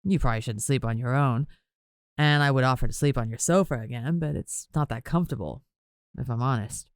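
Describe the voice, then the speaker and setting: A teasing young romantic lead with a low, soft voice, as a woman reads him. He speaks close and tender in a dry, deep storybook tone. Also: brisk, no room sound. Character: young man, teasing, tender love interest.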